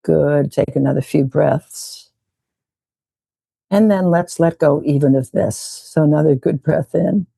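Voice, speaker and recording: A woman meditation teacher who leads a slow, gentle guided meditation and talk, often repeating her phrases. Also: low voice, gravelly, breathy edge, no room sound.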